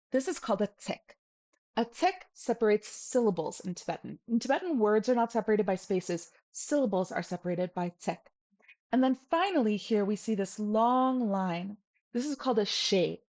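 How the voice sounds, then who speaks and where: A woman's voice: mid-range voice, a little mellow. Woman, online language teacher, playful and patient, medium voice, drills sounds over and over. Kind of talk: upbeat video lesson.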